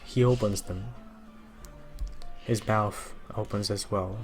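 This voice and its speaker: Man narrating a tabletop tale, low voice, slow and halting, faint music behind. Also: fairly even intonation. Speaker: storyteller in a tabletop game. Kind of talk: improvised storytelling.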